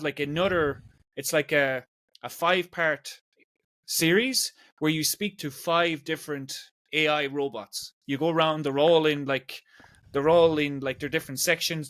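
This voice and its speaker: A man's voice: on the high side, fairly bright tone, dry recording, studio quality. A man in his forties with an Irish accent, hosting a casual podcast conversation and rambling along with lots of "like" fillers. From Ireland. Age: 40s. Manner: rambling, chatty, peppers speech with "like". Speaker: podcast host.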